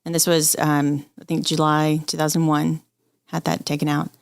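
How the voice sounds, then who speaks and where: Woman guest in her forties, low voice, open and emotional storyteller, dry close recording. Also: monotone, moderate pace, creaky, clean tone, no echo. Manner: candid, open, quotes people she talks to. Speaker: interview guest.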